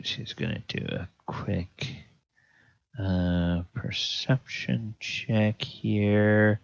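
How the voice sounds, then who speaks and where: A man narrating a tabletop game as dungeon master, hesitant with many pauses. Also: sits low, creaky, no echo, lo-fi sound. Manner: hesitant, full of fillers and restarts.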